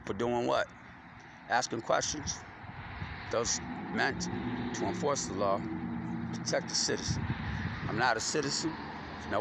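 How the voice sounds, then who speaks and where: Over loud street noise and passing vehicles, a man with a creaky mid-range voice rambles through a loose, slangy, stream-of-consciousness monologue, swearing freely as his mind wanders.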